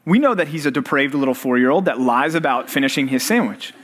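A man's voice: mid-range voice, expressive, fast, fairly bright tone. A man in his thirties, a pastor, preaching a sermon to college students and quizzing them with fill-in-the-blank questions. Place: church service for college students.

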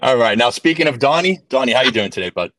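A man's voice: mid-range voice, expressive, quick pace, fairly bright tone, no echo. A man moderating a sports podcast, keeping his panel in line with an upbeat tone. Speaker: show moderator.

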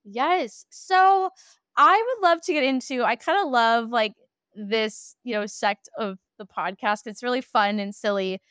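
High, smooth-voiced woman hosting a chatty podcast. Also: unhurried, fairly bright tone, no echo, studio quality. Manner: chatty, heavy use of "like", self-deprecating. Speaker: podcast host. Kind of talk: casual podcast interview.

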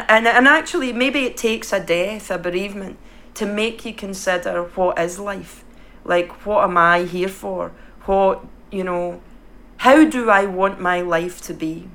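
A woman's voice: medium pitch, a bit bright. A woman musing frankly in casual conversation, reflective and sometimes swearing.

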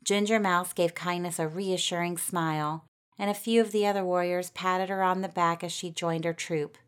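Low-voiced woman reading a storybook. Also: fairly even intonation, moderate pace, clean tone. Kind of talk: storybook narration.

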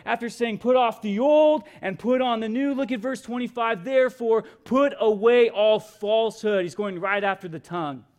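A pastor preaching a sermon, reading scripture aloud and pressing his points with emphatic repeated exhortations. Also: sits high.

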